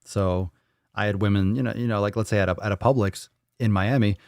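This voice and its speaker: A man hosts a fitness livestream in loose, casual chat. His voice sits a bit low, and he riffs playfully, swears freely and repeats lines in a sing-song way. The sound is dry and close, with no room echo. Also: fairly even intonation, a little fast, a little mellow. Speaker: fitness show host.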